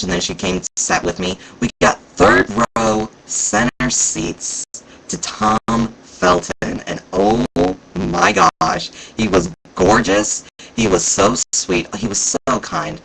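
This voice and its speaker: A man vlogging casually about a convention, rambling and excitable, with plenty of fillers. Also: sits high, takes it slowly, gravelly, slight background noise, poor audio. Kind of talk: casual chat recounting events.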